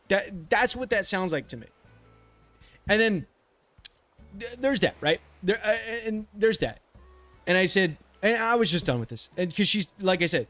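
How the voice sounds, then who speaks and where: A man's voice: high-pitched, sing-song, moderate pace, fairly bright tone, faint music behind. A man streaming a game, venting in a rambling, frustrated way with many restarts and frequent swearing. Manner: swears freely. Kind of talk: casual chat while streaming.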